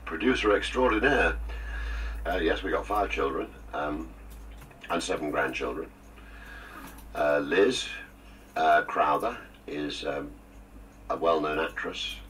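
A man's voice: rumbling low, slow pace, pauses often, a bit bright, distant mic, slight background noise, poor audio. An older man, a guest on a radio interview, reminiscing with jokes and theatrical asides. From England. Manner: jokey, theatrical storyteller with asides.

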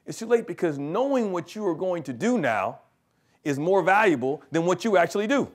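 A man's voice: sits high, very animated, a little fast. A middle-aged man giving a business presentation to students, telling stories and asking the audience rhetorical questions. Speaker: keynote speaker and consultant.

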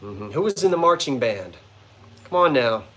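A man hosts a vintage-goods live stream from the front porch of an old bungalow at sunset, chatting playfully and joking with viewers. His mid-range voice is sing-song and a bit bright, at a moderate pace.

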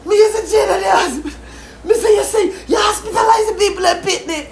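A woman with a Jamaican Patois accent in a loud, cursing, taunting social media rant. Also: very high voice, fairly quick, creaky. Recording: echoey room with faint noise.

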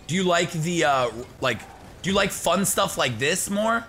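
A young man giving excited live gameplay commentary, shouting and laughing as he plays and chats to viewers. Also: sits high, a little slow, a little hiss or hum. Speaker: gaming YouTuber.

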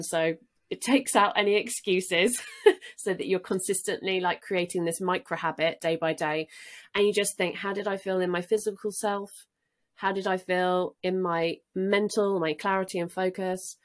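A woman guest talking in an earnest, easygoing way, now and then laughing lightly. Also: medium pitch. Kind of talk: casual interview talk.

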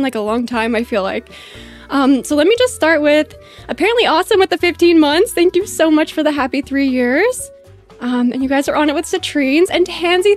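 A woman hosting a live stream, gushing and bubbly as she thanks her chat one by one. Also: sits high.

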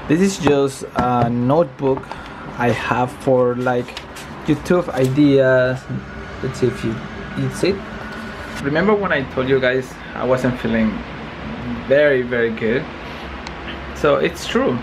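Slow, halting man vlogging at home. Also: mid-range voice, noisy background. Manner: slow, halting and repetitive, swears often. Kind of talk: casual vlog monologue. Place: home bedroom.

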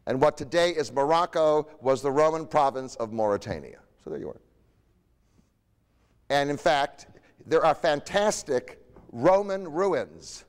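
A man's voice: on the high side, smooth, in a large hall. A man giving a history lecture in a conversational way, often tossing rhetorical questions to his audience.

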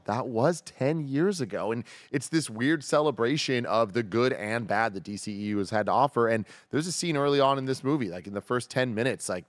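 Animated man reviewing a movie. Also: no echo. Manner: animated, enthusiastic, gets loud on high points. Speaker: podcast co-host. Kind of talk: casual movie review chat.

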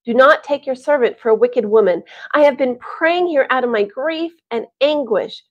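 A grieving young woman pours out a slow, earnest plea, her voice sitting a touch high, as a woman storyteller puts her on. The recording sounds dull and lo-fi. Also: close to an everyday voice.

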